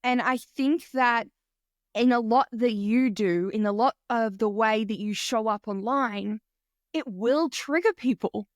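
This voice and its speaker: A woman's voice: fairly high pitch, unhurried, no room sound, clean studio sound. A woman hosting a podcast interview, enthusiastic and casual, swearing freely and acting out quotes. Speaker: podcast host.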